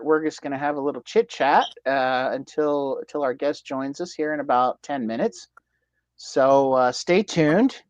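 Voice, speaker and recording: An American man co-hosting a casual livestream, speaking haltingly with many fillers and restarts. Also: mid-range voice, no room sound, muffled recording. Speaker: livestream co-host.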